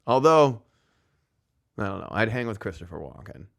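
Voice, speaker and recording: A man's voice: on the low side, big pitch swings, normal speed, gravelly, fairly bright tone. A man hosting a podcast, joking loosely, laughing often and slipping into silly voices. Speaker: podcast host. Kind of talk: casual comedic chat.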